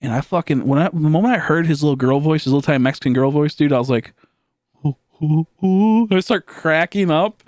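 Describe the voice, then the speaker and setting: A man's voice: on the high side, quick pace, few pauses, darkish tone, dry recording, clean studio sound. A male streamer telling a story in a casual, rambling way while he plays a game. He swears a lot, fills his talk with "like," and keeps laughing at his own tale.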